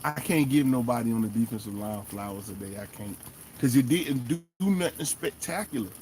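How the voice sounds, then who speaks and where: A man hosting a fan show, giving animated, emphatic casual commentary and talking straight to the players. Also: mid-range voice, a little hiss or hum. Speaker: sports fan show host.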